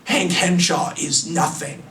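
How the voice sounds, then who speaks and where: A man's voice: on the high side, fairly even intonation, takes it slowly, bright, forceful tone, echoey room, far from the mic. A man voicing a cold, grandiose male computer intelligence that declaims its power. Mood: menacing.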